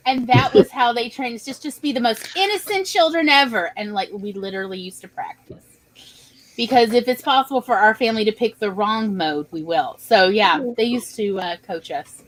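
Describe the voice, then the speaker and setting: A woman's voice: fairly high pitch, moderate pace, low-quality recording. An American woman hosting a casual group chat on a video call, telling stories and acting out the voices of the people in them. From United States. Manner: animated storyteller, acts out quoted voices. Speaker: host of a writing stream.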